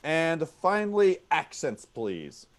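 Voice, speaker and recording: A man runs an improv comedy game over a video call. His voice sits a bit high and swings widely in pitch. He is upbeat and repeats each suggestion back to the players. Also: big pitch swings, takes it slowly. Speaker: referee and host of an improv show. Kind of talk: online comedy game hosting.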